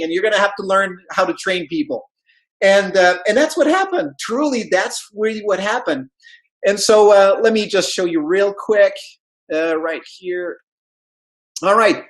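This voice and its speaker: A man's voice: high-pitched, a little slow, poor audio. A man whose first language is not English gives a motivational talk about network marketing, telling stories and acting out the voices in them. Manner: animated storyteller, acts out quoted dialogue.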